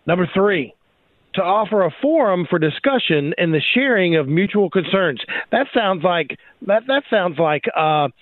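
A man speaking as a legal expert co-host on talk radio, animated and laughing often. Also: sits high, normal speed, no room sound. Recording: dry, phone-like talk radio sound.

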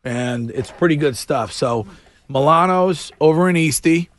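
A man's voice: fairly high pitch, unhurried. A man hosting a radio talk show, chatting loosely with many restarts. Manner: stammering, restarts, laughs easily. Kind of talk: casual radio chat.

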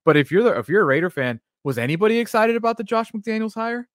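A male sports talk co-host talks fast and picks apart the game. His voice sits close in a dry studio recording. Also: high-pitched, very animated, dry recording.

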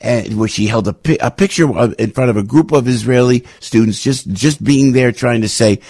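An older man hosting a radio talk show, telling anecdotes in an emphatic, repetitive, rambling way with sudden swings in pitch. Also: moderate pace, a little mellow, breathy edge, dry recording, clean studio sound. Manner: emphatic, repetitive, restarts often. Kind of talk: rambling opinion monologue with anecdotes.

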